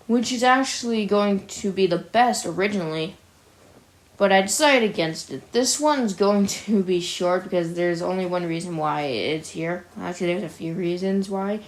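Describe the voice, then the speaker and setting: A young woman with a lowish voice provides casual, opinionated commentary for a gaming video. She's chatty and quick to laugh at her own jokes.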